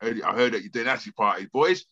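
Animated London man telling stories. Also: fairly low pitch, fast talker, husky, no echo, highs cut off. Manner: animated, acts out quoted voices, frequent stammered restarts. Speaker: guest. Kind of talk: storytelling in a casual interview.

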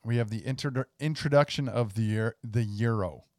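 A man's voice: medium pitch, brisk, a little mellow, no echo, studio quality. Laid-back man reading out news items. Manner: reads out news items, laughs along. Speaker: podcast co-host. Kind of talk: casual podcast banter.

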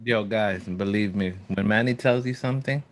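A young man with a low voice talks in loose slang on a casual podcast and keeps calling out to the listeners as guys. His voice sounds close and dry, with no room around it. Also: moderate pace, dry recording. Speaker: podcast co-host. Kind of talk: casual chat.

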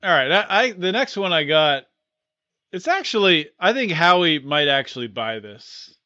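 A man's voice: a little high, animated, moderate pace, bright, forceful tone, dry recording. A man hosting a casual podcast, exasperated and swearing casually as he runs through items. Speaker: podcast host. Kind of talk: casual chat. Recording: dry, dull-sounding mic.

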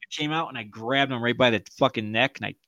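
A man telling a rough personal story as a podcast host, swearing freely and laughing often. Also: mid-range voice, fast, highs cut off. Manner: profane, laughing, animated storyteller. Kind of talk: casual storytelling.

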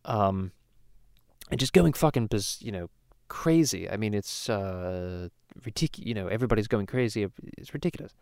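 A man's voice: lowish voice, expressive, moderate pace, gravelly, darkish tone, clean tone, no echo, studio quality. A man playing a crude cartoon baby boy in a parody podcast, rambling through stories with lots of swearing and restarts. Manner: rambling storyteller, swears a lot, many restarts. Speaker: podcast host. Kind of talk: casual parody podcast chat.

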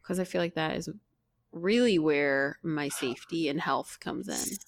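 A woman's voice: low voice, unhurried, gravelly, no echo, clean studio sound. A woman in her thirties co-hosting a casual chat, teasing her friend bluntly and playfully. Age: 30s. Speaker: podcast co-host.

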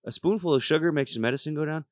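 A man co-hosting a casual faith podcast, chiming in with quick reactions and musing aloud. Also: a little high, dry recording, studio quality. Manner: lively, chimes in with quick reactions. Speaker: podcast co-host.

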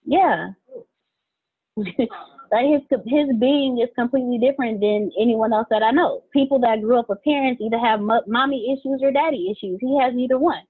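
A woman's voice: on the high side, moderate pace, breathy edge. A woman chatting candidly in casual talk, laughing and repeating phrases. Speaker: co-worker of the host. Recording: tinny phone-like line.

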